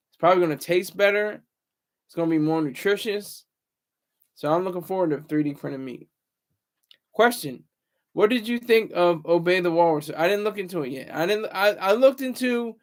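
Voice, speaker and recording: A man in his thirties hosts a casual livestream with a fairly high voice. He rambles from thought to thought, stopping to read out and answer viewer comments. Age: 30s. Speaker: livestream host.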